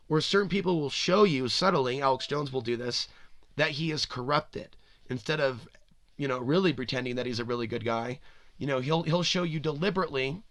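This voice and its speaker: A man's voice: medium pitch, fairly bright tone, dry recording. Rambling male podcast host, dry sound. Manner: rambling, speculative, full of "you know" and restarts. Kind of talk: spoken monologue.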